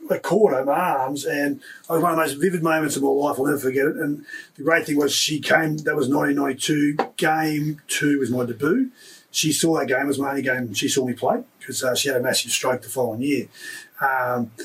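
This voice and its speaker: A man in his fifties, a former rugby league player, telling stories in an interview with emotional, animated delivery and frequent restarts. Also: on the high side, recorded from a distance, low-quality recording. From Australia. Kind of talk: casual storytelling interview.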